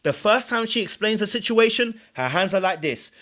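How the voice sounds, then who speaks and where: High bright-voiced man breaking down clips. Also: moderate pace. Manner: explanatory, animated, repeats phrases. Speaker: host and commentator. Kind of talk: reaction commentary on reality TV clips.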